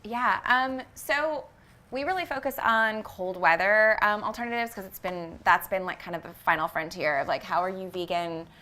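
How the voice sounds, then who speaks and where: A woman who founded a vegan fashion brand, talking as an interview guest in an earnest, reflective way and often pausing on fillers as she searches for words. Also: medium pitch, pushed and bright. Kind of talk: casual reflective interview talk.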